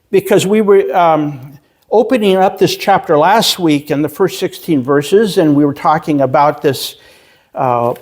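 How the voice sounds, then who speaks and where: Male pastor, sermon storyteller; slightly high voice, slow halting delivery with self-deprecating humor. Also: a little mellow. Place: church sanctuary.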